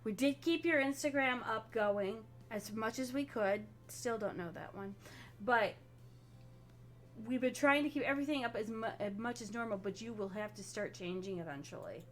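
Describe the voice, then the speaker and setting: A woman running a tabletop role-playing game as game master, explaining at length in an animated way. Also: a little high, normal speed, soft background music.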